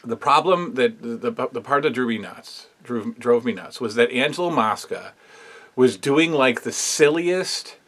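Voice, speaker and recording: A man's voice: medium pitch, measured pace, fairly bright tone. A man hosting a casual review show, talking in a rambling, opinionated way with lots of fillers. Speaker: wrestling history show host.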